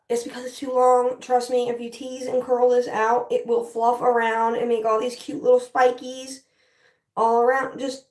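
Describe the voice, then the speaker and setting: A woman's voice: sits high, fairly even intonation, moderate pace, darkish tone, far from the mic. A young woman livestreaming as she styles her hair, chatting casually with viewers, frustrated and swearing. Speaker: livestream host. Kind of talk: casual livestream chat while styling hair. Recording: echoey room, voice off-mic.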